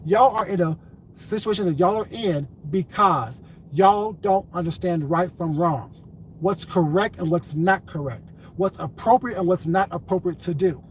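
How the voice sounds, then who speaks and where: A man's voice: high-pitched, moderate pace, a little hiss or hum, low-quality recording. A man delivering a profane, confrontational commentary rant, repeating his points again and again. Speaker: commentary vlogger. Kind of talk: ranting commentary vlog.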